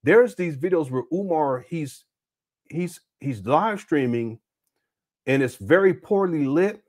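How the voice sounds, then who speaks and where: A man's voice: a little high, animated, slow, a little mellow. A man hosting casual livestream commentary, rambling with many restarts and fillers and breaking into laughing banter with viewers. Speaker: host.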